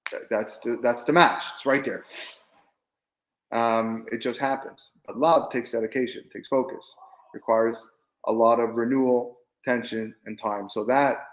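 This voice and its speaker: A man's voice: lowish voice, echoey room, lo-fi sound. A man, a rabbi, giving a conversational class on marriage, often repeating and restarting his words. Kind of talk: informal lecture on marriage.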